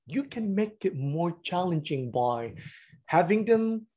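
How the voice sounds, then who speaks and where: Husky-voiced man explaining classroom games. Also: high-pitched, very animated, takes it slowly, dark tone, muffled recording. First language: Vietnamese. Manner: explains classroom games step by step, with frequent "for instance" and "okay?". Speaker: teacher trainer. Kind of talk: online teacher training talk. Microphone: webcam.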